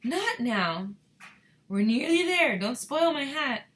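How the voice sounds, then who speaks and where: A woman voicing an eccentric, cheerful male candy maker in a bright, theatrical way. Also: mid-range voice, animated, brisk, close to an everyday voice. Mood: breezy.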